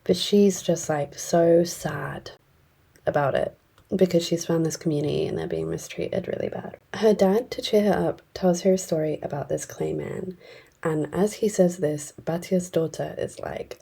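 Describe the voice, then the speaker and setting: A woman casually retells a fantasy novel's plot for her video review, chatty and blunt, scattering fillers as she talks. Her voice sits low and husky. The tone is mellow and relaxed. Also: moderate pace. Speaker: book reviewer.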